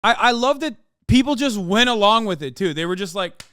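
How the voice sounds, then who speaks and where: Man, streamer reacting to a clip, sarcastic, incredulous, swears a lot, smooth voice, dry close sound. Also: high-pitched, lively intonation, brisk, hardly any pauses, sharp tone, no room sound. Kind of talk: casual reaction commentary.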